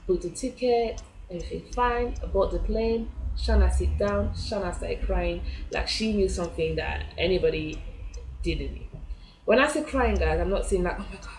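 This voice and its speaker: A chatty young woman tells a personal story and acts out her reactions in quoted asides. Her voice sits a little low. The room around her is echoey. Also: normal speed, a little mellow, slight background noise. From France. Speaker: vlogger.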